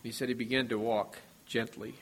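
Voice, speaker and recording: A man preaching a sermon in a measured, earnest way, his voice dropping softly at the ends of phrases. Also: medium pitch, flat delivery, slightly rough.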